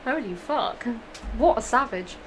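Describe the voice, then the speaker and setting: Woman fan fiction reader, giggly and profane, fairly high voice, noisy home mic. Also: lively intonation, unhurried, a bit bright. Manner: giggly, profane, rambling asides. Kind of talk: reading fan fiction aloud with commentary.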